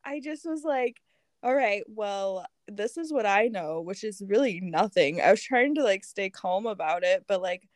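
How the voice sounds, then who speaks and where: A woman's voice: medium pitch, lively intonation, moderate pace, no echo, studio quality. A woman telling a story in a casual chat, laughing often as she talks. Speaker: guest.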